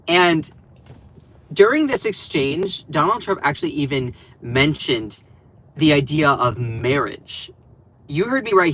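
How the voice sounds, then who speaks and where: A man talks through political clips on his stream in a casual, sarcastic way. His voice sits a touch high for a man. He rambles, trails off and restarts sentences as he reacts. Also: a bit bright. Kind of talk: casual commentary.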